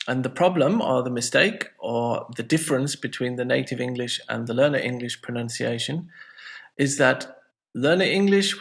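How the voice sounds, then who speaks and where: Guy teaching english, kinda gravelly voice, chatty and jokey. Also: medium pitch, fairly bright tone. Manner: friendly, chatty, self-mocking asides. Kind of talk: casual video lesson.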